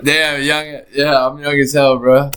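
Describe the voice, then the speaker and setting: A young man streaming, reacting out loud in casual chat, profane and excitable, laughing often. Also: on the high side, a little slow, slight background noise. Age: young adult.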